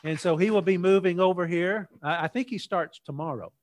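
A male pastor preaching a sermon in church, opening with a folksy, unhurried joke story before his teaching. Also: high voice, noisy background.

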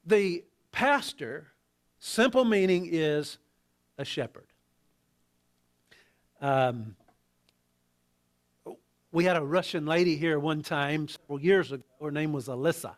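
Male pastor, slightly high voice, talky sermon with restarts and soft asides. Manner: conversational, halting with restarts, drops to quiet asides.

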